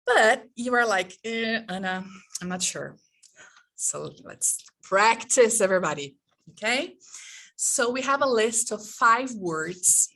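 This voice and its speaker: Woman, teacher trainer, online workshop, video call audio, unhurried delivery, frequent check-ins with the audience. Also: on the high side, a bit bright. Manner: engaging, checks in with frequent "okay?" and "right?".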